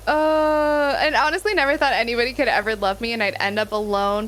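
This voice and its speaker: Lively, bright-voiced woman streamer. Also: a little high, fairly quick, few pauses. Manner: frank, playful, laughs often; chatty, talks to viewers as friends. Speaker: livestreamer reading chat. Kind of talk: casual gaming stream chat.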